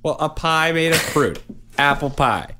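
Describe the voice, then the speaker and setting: Rambling man with a lively voice. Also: fairly high pitch, measured pace, music in the background. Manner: rambling, self-deprecating, lots of fillers and restarts. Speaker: podcast co-host and father. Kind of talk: casual family chat.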